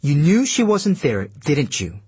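A fierce young woman agent, voiced by a male audiobook reader who presses her accusations with stubborn insistence. The voice is husky and breathy, set in a dry, close-miked read. The pitch sits up high for the figure. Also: expressive, normal speed, no echo. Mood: accusing. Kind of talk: audiobook narration.

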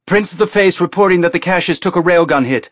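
A man's voice: fairly high pitch, a little fast, no echo, clean studio sound, voice pushed up, natural voice. Man voicing an urgent crewman rattling off reports. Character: male crewman calling out sensor reports.

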